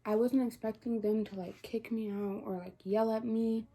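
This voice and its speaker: A teenage girl vlogs to the camera, casually recounting a personal story packed with "like" and quoted dialogue while she's close to tears. Her voice is fairly high and dark in tone, holding steady at a normal speed.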